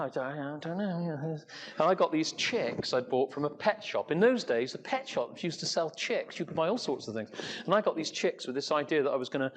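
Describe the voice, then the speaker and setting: An older man from England telling a long story to an audience as an entrepreneur speaker, rambling, with many fillers and restarts. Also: a little high. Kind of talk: anecdotal talk to an audience.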